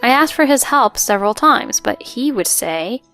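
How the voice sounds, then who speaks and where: Woman narrator, higher voice, gravelly, earnest first-person story, faint music. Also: expressive, moderate pace, a bit bright.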